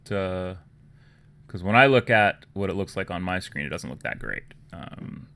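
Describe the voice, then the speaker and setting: Gravelly low-voiced man with a Toronto accent. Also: background noise. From Canada. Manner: rambling, low-key, often trails off into quiet murmurs. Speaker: livestream host. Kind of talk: casual livestream chat while painting miniatures.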